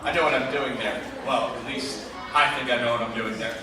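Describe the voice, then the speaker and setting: A man's voice: mid-range voice, steady tone, fairly quick. A man in his forties, a chemistry teacher doing a self-deprecating stand-up routine with rambling asides. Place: school auditorium stage with live audience. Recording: echoey auditorium taped from far off. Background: laughing crowd and loud room noise.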